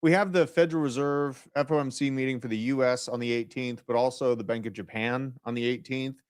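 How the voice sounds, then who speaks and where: A man co-hosting a crypto market show, chatting casually about his analysis with a slightly nervous edge. His voice is smooth and clean. The mic is close and dry. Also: mid-range voice, steady tone, fairly quick, dry recording. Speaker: co-host, technical analyst.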